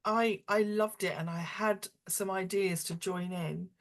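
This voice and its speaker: A woman's voice: mid-range voice, steady tone, unhurried. A woman asking a question on a video call, hesitant and searching for her words. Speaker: audience member asking a question. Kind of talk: casual chat.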